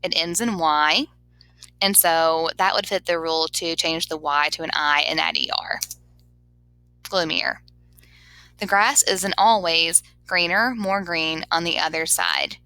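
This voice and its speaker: A woman's voice: sits low, lively intonation, unhurried, bright, forceful tone, clean tone, no room sound, rough recording. A woman teacher giving a grammar lesson over slides, patiently sounding words out syllable by syllable.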